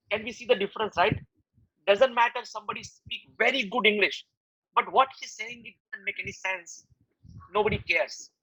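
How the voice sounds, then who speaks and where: A man's voice: sits high, bright, forceful tone, slightly rough, dry recording, low-quality recording. A middle-aged Indian man with an Indian accent, an advertising guest speaker talking earnestly to art students in simple, plain English. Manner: earnest, advising, simple non-native English phrasing.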